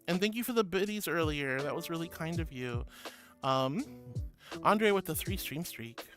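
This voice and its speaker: A mid-pitched streamer chats through viewer messages, teasing and affectionate, laughing easily and calling everyone sweetheart. Steady background music runs clearly under the voice, picked up on a close desk mic. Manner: affectionate, playful, giggly, calls viewers sweetie and honey. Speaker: VTuber streamer. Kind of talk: casual livestream chat, reading viewer messages. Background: music playing.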